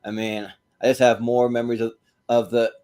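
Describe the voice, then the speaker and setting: A man's voice: mid-range voice, level tone, a little fast, warm tone. A man hosting a casual movie podcast. He talks in a laid-back, rambling way, laughs often and eats while he talks. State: eating while talking. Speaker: podcast host.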